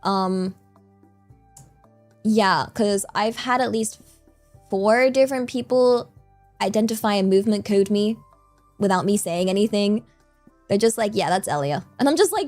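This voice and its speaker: A woman's voice: fairly high pitch, animated, unhurried, long pauses. A woman streamer chatting casually and animatedly with her viewers, giggly and self-mocking, over faint music.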